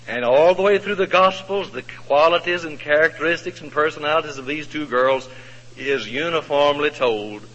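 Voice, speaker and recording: A male preacher telling a Bible story in a sermon, folksy and expressive, asking the congregation questions. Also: fairly high pitch. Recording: echoey hall, dull lo-fi sound.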